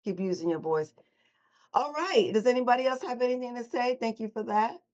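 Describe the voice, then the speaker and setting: A woman's voice: fairly high pitch, fairly quick, darkish tone, muffled recording. A woman hosting a motivational morning call, coaching listeners and having them repeat affirmations back to her. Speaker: host and voice coach.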